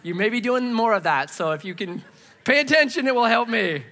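A middle-aged male pastor preaching from the stage, telling stories on himself with self-mocking humor. His fairly high, bright voice swings widely in pitch as he acts out his own reactions. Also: animated, fairly quick. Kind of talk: sermon with personal storytelling. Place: church stage.

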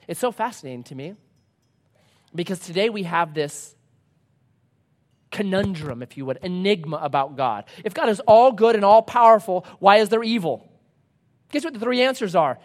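A man with a high voice delivers a sermon as a pastor. He tells stories dramatically, dropping to a hush and then rising loud again, and sometimes slips into playful voices to act things out. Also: sing-song, normal speed. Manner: dramatic storytelling with wide swings from loud to hushed; acts out playful voices for talking objects.

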